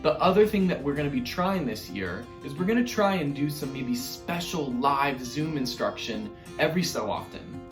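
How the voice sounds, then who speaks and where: This expressive man runs an online music lesson for young children at a moderate pace with few pauses, staying upbeat and encouraging. He sometimes demonstrates hoots and squeaky voices, and the room is echoey.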